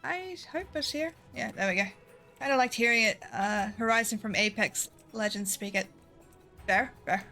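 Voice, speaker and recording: Woman streamer, groggy on painkillers; put-on Irish accent slipping to Southern US; sweary, giggly ramble; high, bright tone. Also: normal speed, faint music behind. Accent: put-on Irish that slips into Southern US. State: sleepy and foggy on painkillers. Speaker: game streamer. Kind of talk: casual live-stream chat while gaming.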